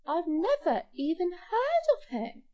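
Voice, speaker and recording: A woman voicing a gracious, curious queen in a slow storybook reading. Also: extremely high pitch, huge pitch swings, mellow, dull audio, voice pushed up, heavily acted.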